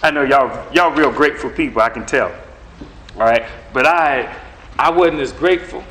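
A middle-aged man preaching a sermon in a lively, conversational way, acting out back-and-forth dialogue. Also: mid-range voice, moderate pace, poor audio. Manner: animated, conversational, acts out dialogue with God.

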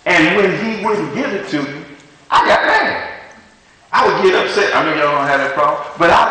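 A man's voice: fairly high pitch, sing-song, normal speed, sharp tone. A man preaching a sermon, talking animatedly and conversationally, often stopping and restarting his sentences. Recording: echoey hall from far off.

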